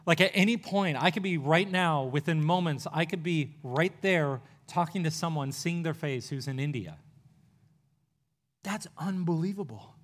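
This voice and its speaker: Man, fairly high voice, preaching, earnest and conversational, speeds up and slows down. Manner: earnest, conversational preaching with quick bursts and pauses. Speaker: pastor. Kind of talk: sermon.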